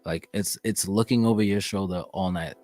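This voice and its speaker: A young man as a podcast guest, chatting casually and telling animated, profane stories. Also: sits low, moderate pace, dry recording, faint music behind. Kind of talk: casual chat.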